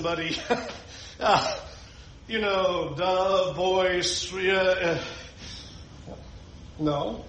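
A man with a high voice preaches a sermon, talking to his listeners conversationally and slipping in joking asides. The room around him echoes noticeably. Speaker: pastor.

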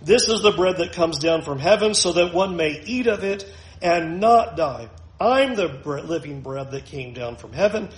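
A male preacher with a notably high voice works through scripture verse by verse, slowing down to read the text aloud. The sound carries a roomy echo. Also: expressive. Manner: reads scripture slowly, acts out the crowd's voices. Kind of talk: sermon.

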